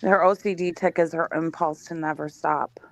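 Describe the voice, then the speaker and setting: A woman's voice: sits low, steady tone, normal speed, creaky, dry recording. A woman in a casual live gossip chat, blunt, profane and indignant.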